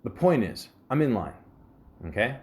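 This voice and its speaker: A man's voice: mid-range voice, big pitch swings, moderate pace, a little mellow. A man hosting a podcast, talking in a rambling, joking monologue full of swearing and fillers. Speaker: podcast host.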